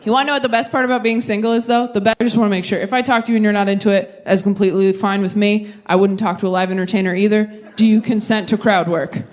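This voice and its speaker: A young woman doing live stand-up comedy with crowd work, talking in animated, rambling, self-deprecating tangents. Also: medium pitch, fast, hardly any pauses.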